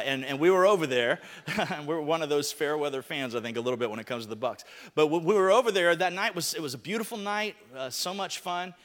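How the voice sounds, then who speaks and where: A man preaches from the pulpit in a high, ringing voice. He tells his story in a loose, chatty way before building into emphatic preaching. His words hang in the long reverb of a church hall. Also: fairly bright tone. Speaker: pastor. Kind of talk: sermon opening with a personal story. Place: church sanctuary.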